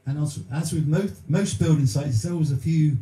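A man's voice: on the high side, a little fast, warm tone, reverberant, poor audio. A man hosting a live music stream from home, bantering and telling stories between songs. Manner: jokey, chatty storyteller.

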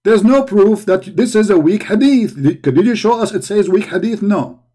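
A man speaking somewhat high, commenting on a video he is reacting to. He mocks and argues back in a sarcastic way, often repeating words with heat. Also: expressive, normal speed, dark tone, husky.

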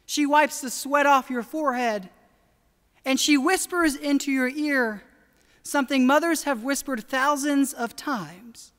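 A woman pastor preaching a sermon in an earnest, deliberate way, slowing down for emphasis. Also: sits high, a bit bright. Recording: long church reverb.

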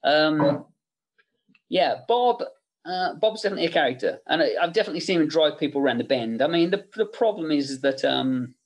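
A middle-aged man with a slightly raised pitch for his sex, a guest on a podcast who tells stories about his work. He breaks off and restarts his sentences and drops in small chuckles as he goes. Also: expressive, brisk, husky. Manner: anecdotal, self-interrupting, chuckling asides. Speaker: special make-up effects artist, guest. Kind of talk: podcast interview storytelling.

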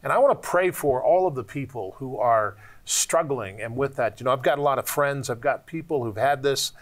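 A man with a mid-range voice hosts a ministry television program, teaching in an earnest, preacherly way. He slows down and leans on his key points as he exhorts his listeners. The sound is clean studio audio. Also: medium pitch. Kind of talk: preacherly Bible discussion.

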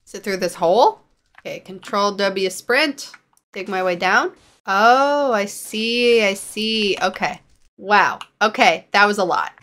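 A woman's voice: medium pitch, a little slow, a bit bright. A woman giving running commentary on her own gameplay, exasperated and self-mocking as she fails and retries. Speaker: gaming channel host.

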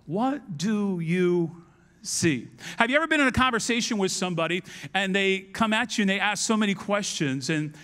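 Man, 50s, pastor, sermon, high voice, animated, acts out dialogue. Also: moderate pace.

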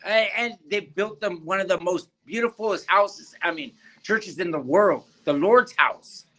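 A man giving a fervent personal faith testimony in an interview, halting and often repeating his words. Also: sits high, pushed and bright, low-quality recording.

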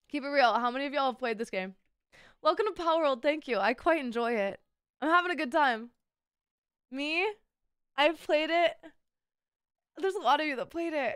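A woman's voice: high voice, a bit bright, clear, resonant tone, dry recording, clean studio sound. A young woman streaming a game while sick, playful and swearing a lot, calling her viewers darlings. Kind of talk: casual gaming stream chat.

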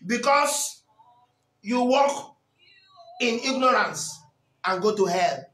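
Man preaching loud, bright high voice, repeats himself a lot. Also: animated, slow pace, pauses often. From Nigeria. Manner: impassioned, often shouting and repeating lines. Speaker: pastor. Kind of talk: sermon. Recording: echoey hall.

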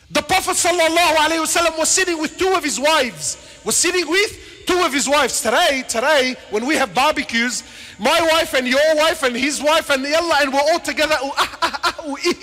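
A man preaching a passionate sermon, swinging between shouted questions and quiet asides, with Arabic words and casual slang mixed into his speech. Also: extremely high pitch. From Lebanon. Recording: reverberant hall.

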